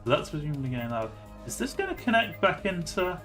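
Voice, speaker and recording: A man's voice: fairly high pitch, very animated, a little fast, fairly bright tone, soft background music. A man streaming a story game, reading its narration aloud and breaking off to comment on it. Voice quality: chatty, reads lines out and then reacts to them.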